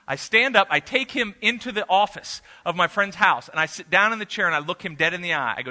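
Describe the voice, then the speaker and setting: A man's voice: high-pitched, animated, fast talker, few pauses, bright, forceful tone. A man preaching a sermon and telling a family story in a conversational way, with the occasional "uh", in a church room before a congregation. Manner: conversational and anecdotal, with filler "uh"s. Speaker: pastor.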